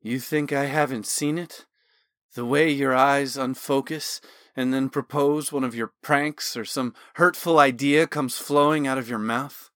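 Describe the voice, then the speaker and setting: A man's voice: medium pitch, steady tone, a little slow, fairly bright tone, dry recording, clean studio sound, lightly acted. A man voicing a drunken, bitter young estate worker who slurs his resentful words in a storybook reading. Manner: slurred, resentful.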